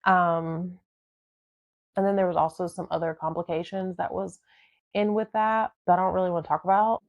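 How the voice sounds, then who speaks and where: A woman's voice: on the low side, steady tone, moderate pace, dry recording, highs cut off. A young woman casually telling her own life story, candid and rambling, with many fillers. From southern United States.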